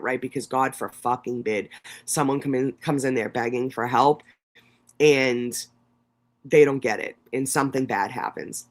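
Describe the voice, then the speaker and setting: A man hosting a livestream, reading court documents aloud and breaking off into blunt, profane commentary. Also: a little high. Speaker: livestream host. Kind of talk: casual live commentary.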